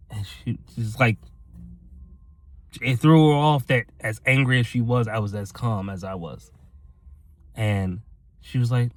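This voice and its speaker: In a medium-pitched voice, unhurried and with long pauses, a motivational vlogger rambles earnestly to his "ladies and gentlemen." As he tells a story, he performs the voices of the people he quotes.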